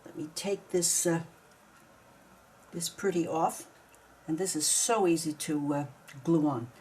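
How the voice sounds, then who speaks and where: A woman talks her way through a craft project in a slow, unhurried voice, step by step, muttering small complaints as she goes. Her voice is warm and mellow. A faint hum of room noise sits behind her. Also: low voice. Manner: chatty, mildly grumbling, talks herself through each step. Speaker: craft video maker. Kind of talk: casual narration while crafting.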